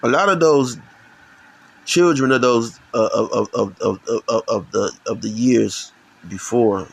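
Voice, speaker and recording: A man's voice: mid-range voice, unhurried, vocal fry, slightly rough, poor audio. A middle-aged man from Chicago giving a heated, profane religious rant, often stumbling and restarting his sentences. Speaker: channel host. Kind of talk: ranting religious commentary.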